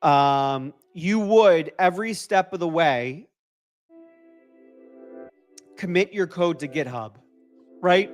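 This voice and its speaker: A man with a mixed New York and Boston accent hosts a casual coding livestream, his voice sitting a little high. He sounds upbeat and loose, repeating phrases and answering viewers. Faint lo-fi music plays behind him. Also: expressive, slow, pauses often. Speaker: livestream host.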